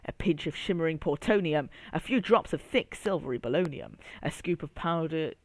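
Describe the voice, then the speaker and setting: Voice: mid-range voice, normal speed, no echo. A storyteller reading a children's story aloud, speaking straight to young listeners. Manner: addresses young listener, expressive.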